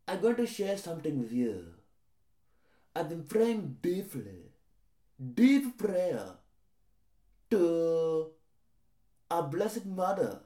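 Earnest calm young man. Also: high-pitched. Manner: earnest, calm, measured, a bit halting. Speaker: aspiring seminarian. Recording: echoey room.

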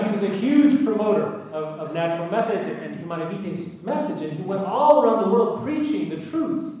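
A man with a high voice gives an anecdotal talk to an audience, earnest, with emphatic lists and wry asides. He sounds distant from the microphone, and a strong echo of a large hall rings around each phrase. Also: expressive, fairly quick, few pauses, warm tone. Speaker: speaker addressing an audience. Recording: echoey hall, voice from far off.

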